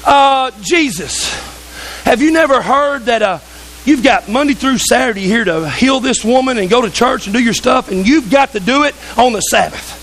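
A preacher doing a pompous synagogue ruler. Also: male voice, very high-pitched, lively intonation, normal speed, a bit bright, slight background noise, heavily acted, poor audio. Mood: indignant.

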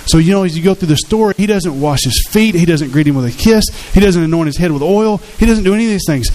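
A man's voice: sits high, expressive, fast, a little mellow, rough recording. A man preaching a sermon as pastor, earnest and conversational, acting out quotes from his congregation.

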